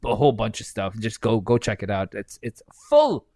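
A man's voice: lowish voice, huge pitch swings, moderate pace, mellow, no echo, studio quality. A man co-hosting a podcast, chatting casually and reading aloud while laughing through his lines and swearing. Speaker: podcast co-host.

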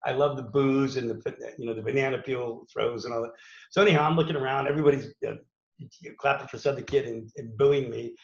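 Gravelly man telling stories in an echoey room. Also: medium pitch, steady tone, fast talker. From Pittsburgh, USA. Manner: rambling, many fillers and restarts. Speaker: former college wrestler telling his story. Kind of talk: casual spoken storytelling. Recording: echoey room, dull lo-fi sound.

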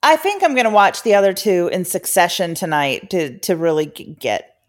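A woman's voice: lowish voice, animated, normal speed. A woman co-hosting a podcast, chatting casually and often answering with short agreements. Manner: lots of short backchannel agreement. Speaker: podcast co-host. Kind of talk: casual chat.

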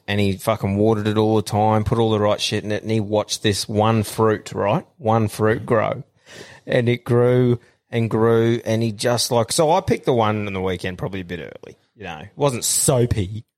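A man with an Australian accent hosting a podcast, spinning sweary, animated yarns. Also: on the low side, moderate pace. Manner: animated yarn-spinner, sweary, laughs often. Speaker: podcast host. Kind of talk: casual chat and storytelling.

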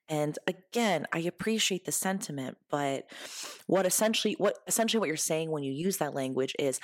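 A woman's voice: extremely low pitch, a little fast, no room sound, clean studio sound. A woman hosting her own podcast in a casual solo monologue, candid and blunt, swearing freely and laughing often, earnest when giving advice. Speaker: podcast host.

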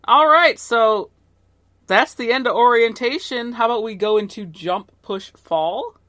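A young woman co-hosting a casual recap podcast, expressive and quick to laugh, adding short remarks. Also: a little high, no echo. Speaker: podcast co-host recapping a TV series. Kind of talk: casual chat.

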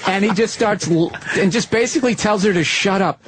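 A man in casual podcast chat, telling profane, animated stories. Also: sits high, a little fast, slightly rough.

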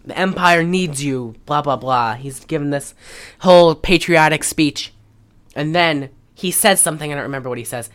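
A woman's voice: deep voice, normal speed. A woman hosting a podcast, recapping a film in casual chat and rambling with many fillers. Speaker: podcast host.

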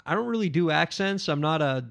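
A man's voice: a little high, lively intonation, brisk, vocal fry, a bit bright. A man playing a meek, confused author who stammers and apologizes as he tries to read his book, in a comedy sketch. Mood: apologetic.

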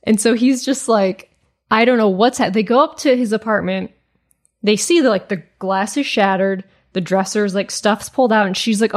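A woman's voice: medium pitch, normal speed. Chatty woman telling a story. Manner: chatty, many "like" fillers. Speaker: podcast co-host. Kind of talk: casual storytelling chat.

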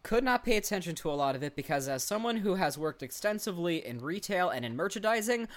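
A woman's voice: fairly low pitch, animated, fast, over a noisy crowd. A woman co-hosting a casual chat, a wry storyteller who swears and adds dry asides. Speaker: podcast co-host. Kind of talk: casual chat recapping a TV episode.

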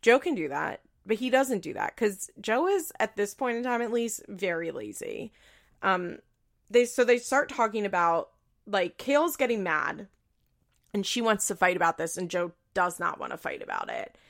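Gravelly, expressive woman chatting. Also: mid-range voice, moderate pace. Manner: chatty and opinionated, heavy use of "like", occasional swearing. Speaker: reality TV recap vlogger. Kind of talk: casual commentary.

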